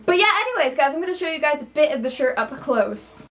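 Bubbly high-voiced young woman vlogger. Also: very animated, fast, fairly bright tone, a little hiss or hum. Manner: bubbly and chatty, addressing viewers directly. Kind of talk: casual product review vlog.

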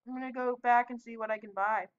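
Excitable high-voiced woman gaming. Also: clean tone, lo-fi sound. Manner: excitable, yelping protests and quick asides. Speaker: gaming video host. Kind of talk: casual gameplay commentary with friends.

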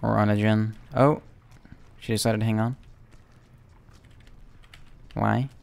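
A young man giving chatty, casual commentary while playing a video game, talking to himself and sometimes breaking into excited yells. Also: fairly low pitch, slow, vocal fry, clear, resonant tone. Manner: chatty, self-talking, bursts into excited yelling. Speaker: gaming YouTuber.

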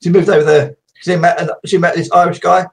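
A man hosting a casual video chat, rambling and laughing often, a little croaky. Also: high voice, level tone, fairly quick. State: slightly croaky. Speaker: host.

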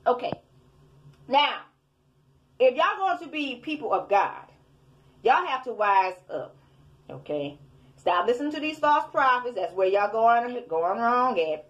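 A woman's voice: fairly high pitch, lively intonation, measured pace, long pauses, dull audio. A woman preaching in a fiery, scolding rant at her online commenters, repeating her points. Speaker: self-styled preacher.

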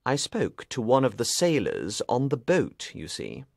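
A man playing a sharp, determined detective in an audiobook, speaking clearly and deliberately. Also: mid-range voice, wildly swooping pitch, no room sound, clean studio sound, full character voice. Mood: explaining. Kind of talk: audiobook reading.

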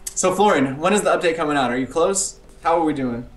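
A man's voice: a little high, fast. A British man co-hosting a casual gaming chat, chatty and teasing. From Britain. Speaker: co-host.

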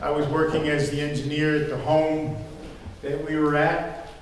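A man's voice: a little high, flat delivery, moderate pace, a little hiss or hum. An older man preaching a sermon as pastor, telling stories in a rambling, conversational way with fillers. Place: church sanctuary. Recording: echoey hall from far off, faint ambience.

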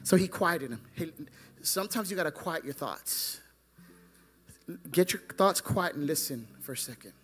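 A male pastor preaching a fervent sermon, swinging between loud exclamations and hushed asides. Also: fairly high pitch, animated, moderate pace, slight background noise.

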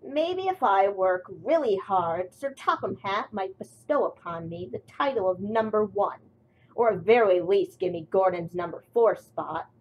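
A woman's voice: medium pitch, animated, a little slow, lo-fi sound, slight background noise, lightly acted. Woman voicing a vain, snippy toy engine. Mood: boastful. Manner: snippy and haughty. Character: vain grumpy rude male steam engine.

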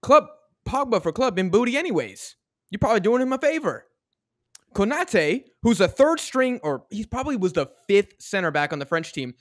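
A man's voice: high-pitched, dry recording, studio quality. A man with an American accent co-hosting a casual football podcast, ranting animatedly in slang. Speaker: podcast co-host. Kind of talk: casual sports chat.

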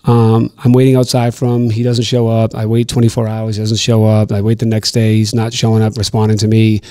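A middle-aged man from Boston, telling stories as a podcast guest in an animated, profane way on a studio mic. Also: fairly low pitch, brisk. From Boston, USA. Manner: animated, profane storyteller acting out quotes. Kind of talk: casual storytelling interview.

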